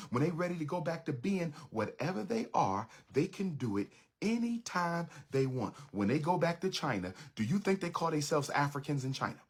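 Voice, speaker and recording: Middle-aged male speaker: husky, lively pitch, emphatic repetitive lecture style. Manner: emphatic, repetitive preaching cadence. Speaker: public speaker. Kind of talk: impassioned lecture.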